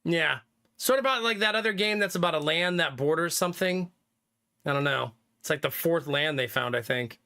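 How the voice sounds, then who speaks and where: A man's voice: a little high, expressive, a little fast, bright, forceful tone, clear, resonant tone. A young man streaming live, rambling casually to his chat about which games he plans to play, with lots of fillers. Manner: rambling, thinking aloud, frequent fillers and laughs.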